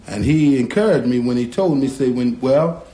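A man, a guitarist telling a story from his childhood in a lively way and acting out the voices of people in it. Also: medium pitch, normal speed. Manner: lively storyteller who acts out quoted voices. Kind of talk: spoken storytelling. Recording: roomy with faint guitar behind.

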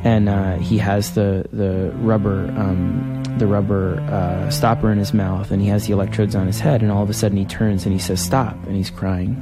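A comic writer in an interview, talking candidly and rambling a little with many restarts. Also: male voice, on the low side, flat delivery, normal speed, hardly any pauses, loud music behind the voice. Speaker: comic book writer, guest.

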